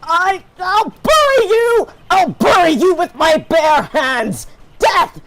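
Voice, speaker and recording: A streamer voicing a furious, vengeful older male prosecutor while reading a video game aloud, screaming threats in a high, strained voice. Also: animated, slow, a bit bright, a little hiss or hum, full character voice. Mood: enraged screaming.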